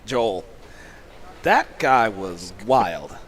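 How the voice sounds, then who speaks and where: A man, a sumo coach, giving casual sports commentary, excitable and often laughing while telling rambling stories. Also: on the low side, very slow, a little hiss or hum. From United States.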